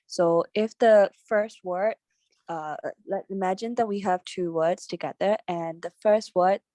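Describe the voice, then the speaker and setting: Unhurried and dark-toned, this woman's mid-range voice carries through a casual study-group discussion as a teacher trainee, hesitating and using lots of fillers while she pulls points from memory. There's no room sound.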